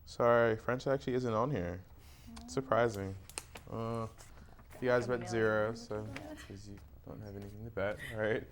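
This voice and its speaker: A young man hosting a casual student quiz show, relaxed and quick to laugh. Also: on the low side, a little hiss or hum. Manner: relaxed, laughs often, hums a tune.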